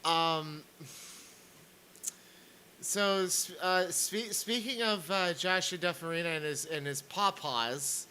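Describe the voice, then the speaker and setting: Bright-voiced stammering male streamer. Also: sits high, slow pace, long pauses, slight background noise, rough recording. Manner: stammering, sarcastic. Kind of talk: ranting commentary on clips.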